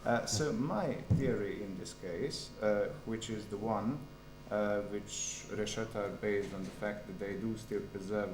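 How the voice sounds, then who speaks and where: A man's voice: fairly low pitch, measured pace, background noise. A man defending his doctoral thesis, giving a formal academic answer, hesitant with frequent fillers. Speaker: PhD candidate defending a thesis. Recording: echoey room.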